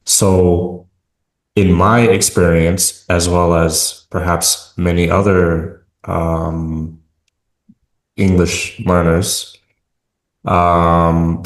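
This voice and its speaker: American man, low and slow, halting casual guest, roomy echo. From United States. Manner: hesitant, many fillers and restarts. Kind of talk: casual interview talk.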